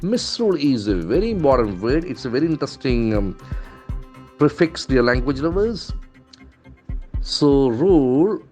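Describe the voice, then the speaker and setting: A male English trainer, not a native speaker, teaching pronunciation in a lesson, repeating words slowly and stressing their syllables. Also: medium pitch, very animated, a little mellow, faint music behind. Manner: stock phrases "okay, see", "very interesting".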